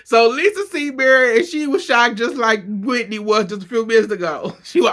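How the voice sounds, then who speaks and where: A man casually recapping a reality show, gossipy and quick to laugh. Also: very high voice, lively intonation, sharp tone. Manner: laughs often, loose and gossipy.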